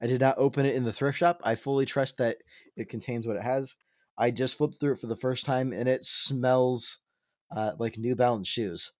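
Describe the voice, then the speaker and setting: A man's voice: medium pitch, fairly even intonation, moderate pace, no room sound, clean studio sound. A young man co-hosting a casual podcast chat, joking and punning. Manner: joking, punning, self-deprecating. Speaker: podcast co-host.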